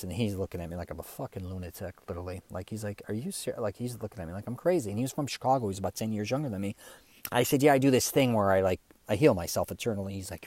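A middle-aged man hosting a podcast, telling a personal story in a casual, animated way and acting out the quoted dialogue. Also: no echo. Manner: animated, acts out quoted dialogue with pitch jumps. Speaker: podcast host.

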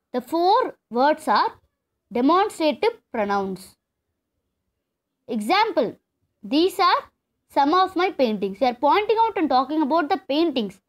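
High-pitched, animated woman teaching grammar. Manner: explains step by step, repeats key terms. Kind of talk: classroom lesson.

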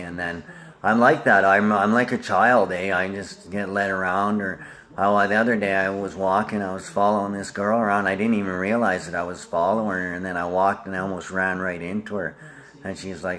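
Deep-voiced man rambling loosely. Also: steady tone, normal speed, a bit bright. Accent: Australian. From Australia. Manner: rambling, jumps between topics, talks to family. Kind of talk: rambling casual monologue.

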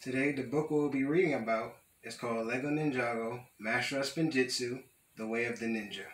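A young male student reading a children's picture book aloud at a steady, careful pace. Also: mid-range voice, a little fast, reverberant, noisy background. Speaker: student storyteller.

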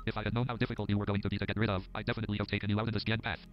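A synthesized male voice reading game text in a flat, monotone way, on a dull, lo-fi recording. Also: lowish voice, racing, faint music behind. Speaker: screen reader.

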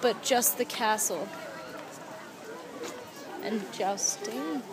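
A young woman chatting excitedly in a casual travel vlog, filmed on a handheld camera outdoors in busy city streets. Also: a little high, very slow. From United States. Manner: excitable, gushing, giggly fan chatter. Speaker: travel vlogger. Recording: loud outdoor crowd and street noise.

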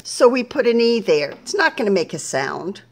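A middle-aged woman teaching a patient, slow phonics lesson to young children, splitting each word into syllables. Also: medium pitch, big pitch swings, a little hiss or hum.

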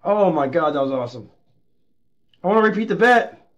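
A man live-streaming his gambling, swinging between low muttered gloom and loud shouted hype, swearing constantly. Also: lively intonation, brisk, lo-fi sound.

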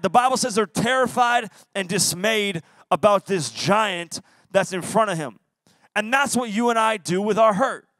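A young man, a youth pastor, giving a lively sermon to teens and playfully acting out quotes. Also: high voice, no room sound. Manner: playful, acts out voices and quotes. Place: church youth service.

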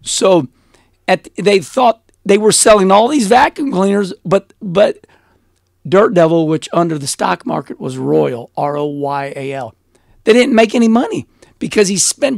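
Gravelly high-voiced man telling stories. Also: moderate pace, no echo, clean studio sound. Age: middle-aged. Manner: animated, blunt, laughs often. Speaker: interview guest, former race car driver. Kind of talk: casual storytelling interview.

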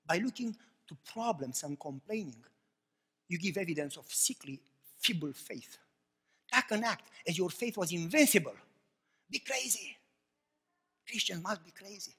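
A man preaching a passionate sermon, swinging between loud cries and hushed, low remarks. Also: lively intonation, normal speed, long pauses, breathy edge, in a large hall. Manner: impassioned preaching, swings from shouts to hushed tones.

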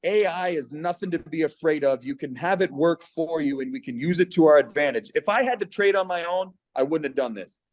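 A middle-aged man from Canada talks on a video call, earnest and persuasive, his fairly high voice catching with feeling. The sound is close and dry, with no room around it. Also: brisk, few pauses, no echo. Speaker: guest giving a testimonial. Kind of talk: personal testimonial on a video call.

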